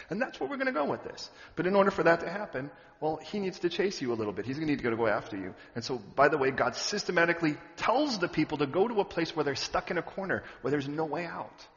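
A male pastor preaching a sermon in a church hall, conversational and humorous, with loud animated bursts. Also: fairly high pitch. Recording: echoey hall, dull lo-fi sound.

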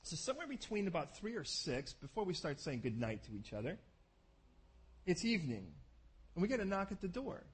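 High-voiced, lively male preacher. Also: husky. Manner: animated storytelling, acting out scenes with quick asides. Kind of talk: sermon.

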